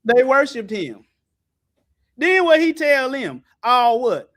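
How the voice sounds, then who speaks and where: A man preaches in a high voice that swings all over. He is loud and colloquial, laughing and breaking into shouts. His pitch leaps from line to line. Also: very animated, slow pace. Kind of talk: animated sermon with scripture call-and-response.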